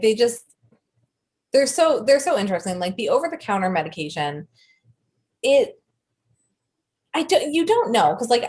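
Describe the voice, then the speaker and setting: A woman co-hosting a podcast in casual chat, rambling and restarting her sentences. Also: medium pitch. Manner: rambling, chatty, with restarts and laughter. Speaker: podcast co-host.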